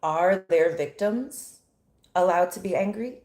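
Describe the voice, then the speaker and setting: A woman's voice: lowish voice, a little slow, darkish tone, roomy sound. An American woman giving an impassioned, indignant monologue full of rhetorical questions. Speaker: commentator.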